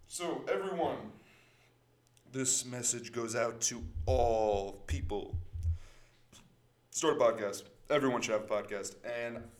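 A man hosting a casual podcast, rambling and joking, often trailing off and talking low and quiet. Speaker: podcast host.

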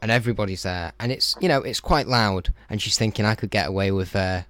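A man's voice: fairly low pitch, quick pace, a bit bright. A man trading silly jokes in casual podcast chat, often laughing and trailing off.

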